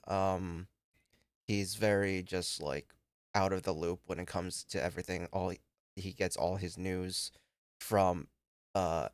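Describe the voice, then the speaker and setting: Low-voiced young man, rambling streamer chat. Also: vocal fry, no room sound, studio quality. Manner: rambling, swears freely, fillers and restarts. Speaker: game streamer. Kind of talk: casual livestream chat.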